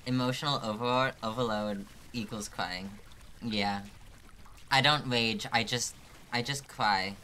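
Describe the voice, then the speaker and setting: A man's voice: medium pitch, unhurried, sharp tone, a little hiss or hum. A man streaming a game live, thinking aloud, swearing often and laughing through his frustration. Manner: talks to chat, thinking aloud. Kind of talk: live gameplay commentary.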